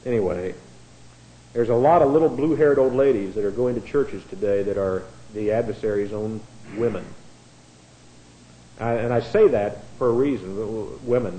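A man preaching a sermon as pastor, blunt and digressive, with many restarts and swings from quiet asides to loud emphatic lines. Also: mid-range voice. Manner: blunt, digressive, with frequent restarts and a dry chuckle. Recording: echoey room.

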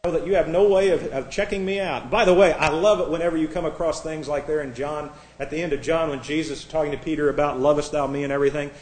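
A man preaching a sermon, combative and sarcastic, dropping to hushed asides and rising to loud outbursts. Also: on the high side, fairly even intonation, fast, hardly any pauses, roomy sound.

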